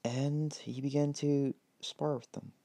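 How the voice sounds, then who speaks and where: A man's voice: medium pitch, fairly even intonation, takes it slowly, mellow, no echo. A man improvising a game story as narration, rambling and hesitant with many fillers.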